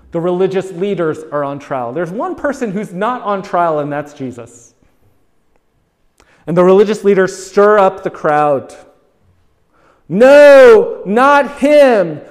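A man's voice: a little high, long reverb tail. A man preaching a sermon, driving his points home with repeated phrases and rhetorical questions. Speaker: pastor.

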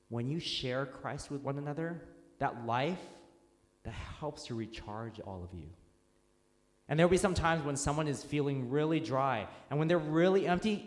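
A man's voice: medium pitch, a little mellow. A man preaching a conversational sermon in a church, talking informally and telling stories with fillers and restarts. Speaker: pastor. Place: church sanctuary. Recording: echoey hall with long reverb.

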